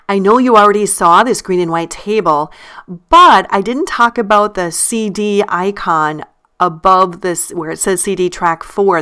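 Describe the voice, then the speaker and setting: A woman walking teachers through a language curriculum step by step, upbeat and slowing down to model each word. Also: medium pitch, a bit bright, clean tone. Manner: upbeat, slows to model pronunciation. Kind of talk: instructional walkthrough.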